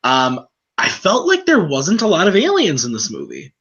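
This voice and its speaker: A man hosts a laid-back movie review, his voice bright and forceful. He talks loosely, with plenty of "like" and "um" between his points. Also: on the high side, moderate pace, slightly rough, muffled recording. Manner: relaxed, filler-heavy, lots of "like" and "um". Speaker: host of a movie review channel. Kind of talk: casual movie review chat.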